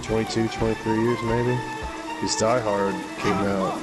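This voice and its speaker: A man's voice: on the low side, level tone, unhurried. A man streaming a game, chatting casually in a rambling, profane storytelling way. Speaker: gaming streamer. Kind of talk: casual chat while gaming. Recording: voice over loud game music.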